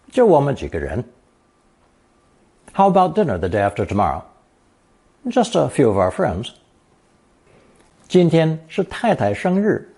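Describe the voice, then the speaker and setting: Guy teaching chinese characters, slow and careful, kinda husky, pitch moves around a lot. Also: dark tone. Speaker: language teacher. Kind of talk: scripted lesson narration.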